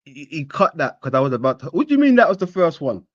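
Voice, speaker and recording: Animated man exclaiming in reaction. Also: a little high, quick pace, no echo, muffled recording. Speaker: show co-host reacting. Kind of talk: casual reaction chat.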